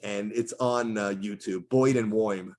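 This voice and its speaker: A middle-aged voice actor with a lowish, unhurried voice tells stories in a casual interview. He's an animated storyteller who slips into character voices along the way.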